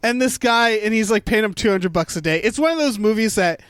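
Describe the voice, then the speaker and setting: A man's voice: high voice, expressive, fairly quick, fairly bright tone, clean tone, dry recording. A man co-hosting a podcast in loose casual chat, rambling with lots of fillers and swearing freely. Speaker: podcast co-host.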